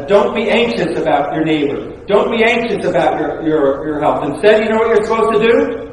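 A male pastor preaching a sermon, halting with many fillers and repetitions, then driving points home emphatically. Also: on the high side, darkish tone. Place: church sanctuary. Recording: echoey hall, distant mic.

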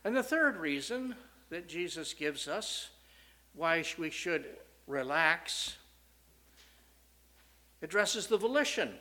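A man preaching a sermon, swinging from loud, rising questions to soft, low statements with strong emphasis. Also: animated, normal speed.

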